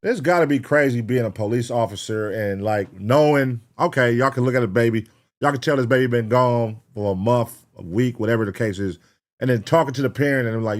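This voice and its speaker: A man's voice: medium pitch, fairly quick. A man hosting a reaction video, giving brash, profane and joking commentary on the clips he watches.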